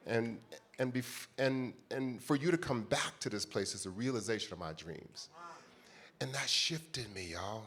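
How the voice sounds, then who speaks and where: A man's voice: medium pitch, animated, a little slow, fairly bright tone. A man in his fifties from the United States, telling a heartfelt personal story as a conference panelist and speaking directly to the audience.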